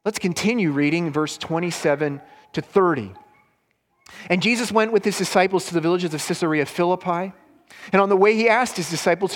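A man preaching a sermon as pastor, earnest and emphatic, swinging between loud stresses and hushed lines. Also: high-pitched, long reverb tail.

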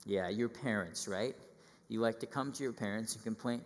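A middle-aged man preaching a sermon to children, lively and full of questions, acting out quoted voices. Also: fairly low pitch, normal speed, in a large hall.

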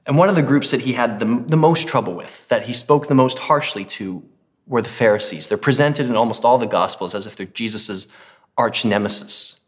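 A man's voice: mid-range voice, moderate pace. A man who is a pastor, preaching a sermon in a casual, conversational way and reading scripture with emphasis.

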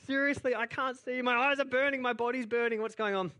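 A man putting on the frantic, shrill cries of a panicking young man whose eyes are stinging. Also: steady tone, quick pace, pushed and bright. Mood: panicked.

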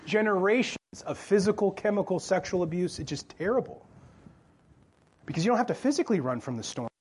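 A man with a notably high voice preaching in church. He talks loosely and conversationally, cracks jokes and keeps asking the congregation questions. The delivery feels like chatting with friends from the pulpit. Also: animated, a little fast, darkish tone, slightly rough. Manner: conversational, joking, asks the crowd questions. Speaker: pastor. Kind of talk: sermon.

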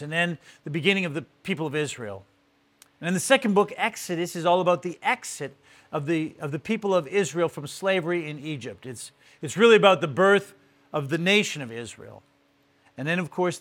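Male pastor with a fairly high voice, earnest and halting, teaching scripture. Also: a bit bright. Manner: earnest, repeats words when starting phrases. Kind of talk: sermon-style Bible teaching.

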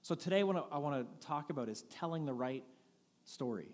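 A man's voice: fairly high pitch, animated, brisk, in a large hall. A man preaching a sermon as pastor, in a candid, conversational manner with frequent restarts. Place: church sanctuary.

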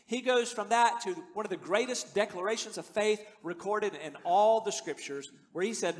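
Pastor, male, fifties, high-pitched, earnest sermon delivery with emphatic peaks, long hall reverb. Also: moderate pace, hardly any pauses. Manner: earnest, conversational, rising to emphatic declarations.

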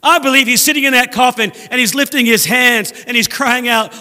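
A man preaching a sermon as a guest speaker in a church, animated and acting out voices from scripture. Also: extremely high pitch, a little fast, big-room sound. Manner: animated, acts out scripture voices, laughs at own jokes. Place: church sanctuary.

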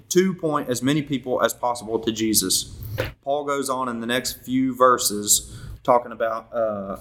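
A young man leading a Bible study in a relaxed, rambling way, often stopping to correct himself. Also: medium pitch, a little hiss or hum. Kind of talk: casual Bible teaching.

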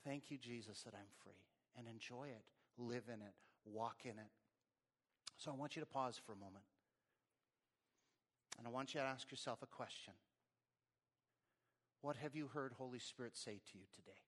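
A man preaching a sermon as pastor, with rising emphasis and a quiet prayer. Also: mid-range voice, normal speed, long pauses. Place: church service, also streamed online.

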